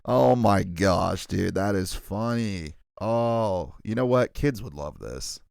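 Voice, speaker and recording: Deep-voiced guy, lively swings, reads stuff out and laughs a lot, smooth dry sound. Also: slow, dry recording. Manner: animated, laughs often, stumbles over names. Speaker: podcast co-host. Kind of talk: casual chat reading an article aloud.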